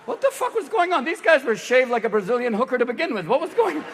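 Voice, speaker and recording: A man in his sixties doing a stand-up comedy routine on a theater stage, manic and profane, leaping into voices and shouted bursts. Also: very high-pitched, sing-song, quick pace, a little hiss or hum. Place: theater stage with live audience. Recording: reverberant hall, live audience.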